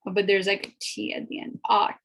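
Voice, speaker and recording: A woman giving a casual spoken language lesson, chatty and repeating each sound slowly for learners to copy. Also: mid-range voice, completely flat delivery, gravelly, a bit bright, low-quality recording. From America. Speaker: language teacher.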